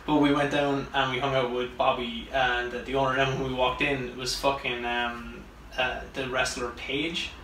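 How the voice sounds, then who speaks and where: Male podcast host, casual chat, rambling, swears a lot, bright voice, echoey room, distant camera audio. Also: medium pitch, flat delivery, normal speed, slight background noise. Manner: loose, rambling and heavily profane. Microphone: camera microphone.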